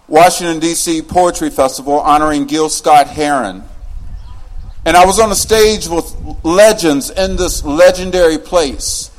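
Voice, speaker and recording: Male spoken word poet from West Virginia, high-pitched voice, rhythmic rhyming delivery, live stage. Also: poor audio. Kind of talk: spoken word poetry performance.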